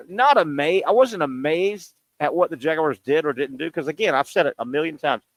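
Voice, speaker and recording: A male sports talk host delivers a fiery rant full of rhetorical questions. His voice sits somewhat high and the sound is dry and close, as if on location at a bar and grill. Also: a bit bright, no room sound. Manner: combative, scolding, rhetorical questions.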